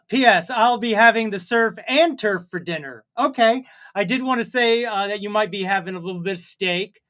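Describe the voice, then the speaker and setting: A man's voice: sits high, fairly bright tone. A man co-hosting a comedy livestream, chatting casually and reading viewer comments aloud, rambling and joking at his own expense. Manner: rambling, jokey and self-mocking.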